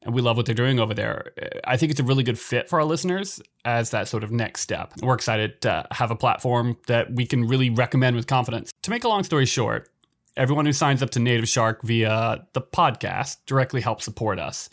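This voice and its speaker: A man co-hosting a casual podcast, talking in a relaxed, rambling and self-deprecating way. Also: medium pitch, fairly quick. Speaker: podcast co-host. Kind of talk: casual bilingual podcast chat.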